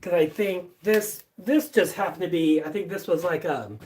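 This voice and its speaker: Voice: mid-range voice, normal speed, a little mellow, distant mic. A live-stream host chatting casually from a basement workshop, rambling with lots of fillers and restarts and swearing offhandedly. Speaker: livestream host.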